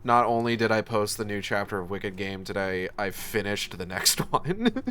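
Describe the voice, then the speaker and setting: A man commentating his own live playthrough with a crisp, bright tone. He is chatty with his viewers and swears often, quick to get worked up. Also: fairly low pitch, slight background noise. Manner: profane, excitable, swears often. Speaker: streamer.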